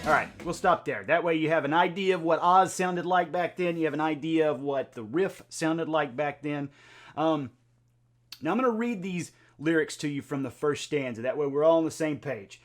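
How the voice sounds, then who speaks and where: A man hosts a music reaction video, talking in a chatty, conversational way full of filler words. His voice is a little high, with a moderate pace.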